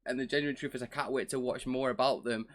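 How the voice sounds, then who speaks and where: A man's voice: medium pitch, steady tone, fast talker. A man hosting a reaction video, talking casually in an enthusiastic, rambling way full of restarts and fillers.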